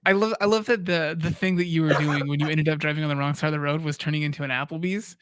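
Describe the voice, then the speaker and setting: A man's voice: a little high, fairly even intonation, quick pace, a bit bright, clean tone. Easygoing man hosting a livestream. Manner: easygoing, joking, steers the talk. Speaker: host. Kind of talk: livestream co-host chat.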